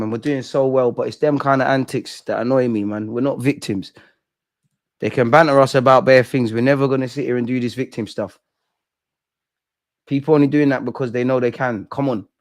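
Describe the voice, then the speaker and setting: A young man hosting a live football watch-along, reacting with slangy banter that swings from loud shouting to low muttering. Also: steady tone, normal speed, pauses often. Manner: slangy banter, swears at the screen. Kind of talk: live match reaction commentary.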